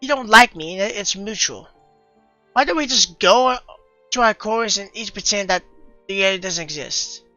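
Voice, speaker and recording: A woman reading a visual novel aloud, voicing its dialogue in a lively, expressive way, on a dull lo-fi recording. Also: mid-range voice, no echo, soft background music. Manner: lively, expressive, quick to exasperation.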